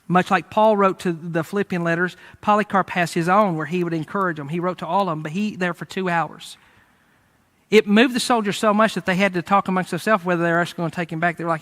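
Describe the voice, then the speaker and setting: Male preacher, high-pitched, casual storyteller giving a sermon. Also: quick pace. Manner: lively storytelling, conversational, with fillers. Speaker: pastor.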